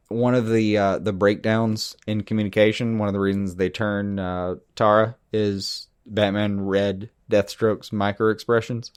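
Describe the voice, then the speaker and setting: Man, fairly low voice, podcast co-host, casual animated chat, frequent laughs, dry close mic. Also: no room sound.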